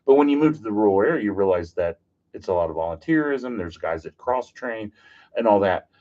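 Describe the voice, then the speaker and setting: A man, a podcast guest, telling stories in a casual, animated, joking way and acting out what people said. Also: fairly low pitch, brisk. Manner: animated, jokey, acts out quotes. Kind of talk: casual storytelling. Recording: dull lo-fi podcast audio.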